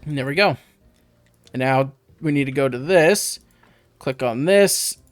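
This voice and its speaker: A man's voice: mid-range voice, unhurried, dry recording. A man hosting a let's play, giving casual gameplay commentary with rambling, offhand tips to viewers on a close mic.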